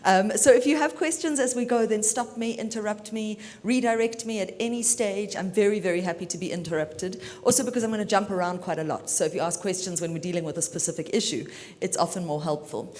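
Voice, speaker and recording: A woman from South Africa giving a brisk, chatty and self-assured talk as a media lawyer at a conference. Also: darkish tone. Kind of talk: keynote talk. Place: conference hall. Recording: reverberant hall, faint rumble.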